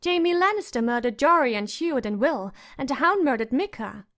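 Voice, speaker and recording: A woman's voice: high voice, lively intonation, fairly quick, a bit bright. A woman reading an audiobook, voicing a fierce and sullen young noble girl who speaks bluntly and defiantly.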